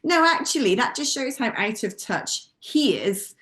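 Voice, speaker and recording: A woman guest commentator in casual political chat, talking in a scornful, animated, mocking way. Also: fairly high pitch, a little slow. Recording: echoey room.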